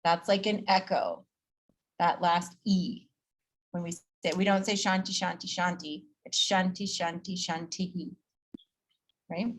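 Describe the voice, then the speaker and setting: A woman teaching Sanskrit pronunciation to a class in a casual, chatty way. She repeats each sound slowly so students can copy it, laughs easily and is upbeat. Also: lowish voice, lively intonation. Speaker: yoga teacher training instructor.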